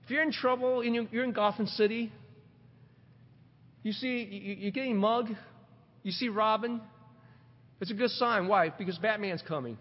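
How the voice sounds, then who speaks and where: A middle-aged man preaching a sermon, animated, asking rhetorical questions and repeating words as he builds his points. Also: high voice, normal speed, pauses often. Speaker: pastor. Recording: dull recording with long hall reverb.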